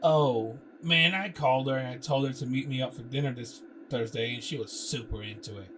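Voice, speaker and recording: A man reading aloud voices a crude, boastful young male coworker in a lower voice. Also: fairly quick, lightly acted. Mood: bragging. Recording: distant mic with background noise.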